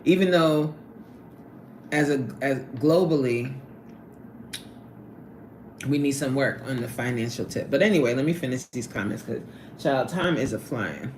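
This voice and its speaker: A woman chats casually with her viewers, her voice leaping up high whenever something amuses her. She laughs often and talks in an animated way. A faint hum sits behind her voice. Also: a little slow, pauses often, roomy sound. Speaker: livestream host reading chat. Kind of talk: casual chat. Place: at her workplace on a lunch break.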